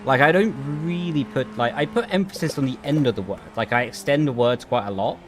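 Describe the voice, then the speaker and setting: A young man chats loosely into a headset mic from his home racing rig, reading messages aloud and drifting off topic. His intonation stays flat, his pitch sits mid-range, and faint background noise hums behind him. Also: a little fast. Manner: chatty, rambling, reads chat aloud and laughs easily. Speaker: sim racing streamer. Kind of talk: casual livestream chat while racing. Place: home sim rig room.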